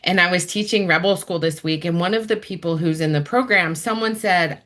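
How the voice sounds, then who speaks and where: Animated woman guest, lower voice. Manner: animated, acts out inner voices in quick asides. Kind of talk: conversational interview answers.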